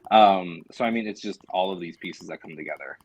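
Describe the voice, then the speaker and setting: A man's voice: low-pitched, brisk, highs cut off. A man chatting enthusiastically on a theater panel, with many fillers. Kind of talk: casual panel chat.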